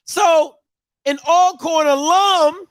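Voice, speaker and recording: A man hosting a show in casual commentary, animated and full of repeated catchphrases. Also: very high-pitched, slow pace, no room sound. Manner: animated, repeats catchphrases, bursts into loud laughter. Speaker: show host.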